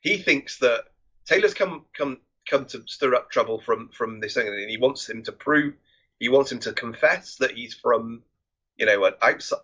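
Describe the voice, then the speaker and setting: A man co-hosts a casual film podcast, chatty and quick with a joke as he retells scenes. His voice is bright and forward with a husky edge. The audio comes through dull and lo-fi. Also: mid-range voice, animated. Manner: chatty, with quick jokes and retold lines. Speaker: podcast co-host.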